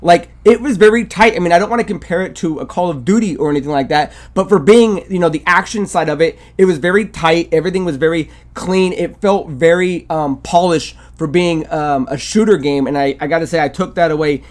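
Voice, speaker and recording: Rambling man with a slightly high voice. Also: a little fast, hardly any pauses. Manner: rambling, with many fillers and "I gotta say". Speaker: video game podcast co-host. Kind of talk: casual game review chat.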